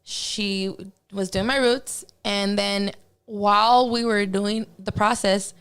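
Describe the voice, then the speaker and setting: A woman's voice: medium pitch, steady tone, takes it slowly, a bit bright, smooth. A woman guest on a podcast telling a personal story in casual, profane talk, acting out her own reactions as she goes.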